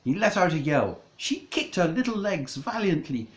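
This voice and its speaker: A man narrating a comic storybook in a mock-dramatic, deliberate way. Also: sits high, big pitch swings, reverberant, low-quality recording.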